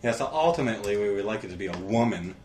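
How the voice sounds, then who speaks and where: A man's voice: on the low side, animated, very fast, reverberant, background noise. A man teasing his friend during a stream, mocking and profane. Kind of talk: teasing casual chat.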